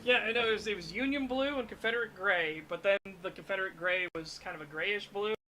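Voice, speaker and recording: A man on a casual streamed podcast, retelling history and film trivia in an animated way and swearing freely. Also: sits high, quick pace, a little hiss or hum, low-quality recording. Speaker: streamer co-host.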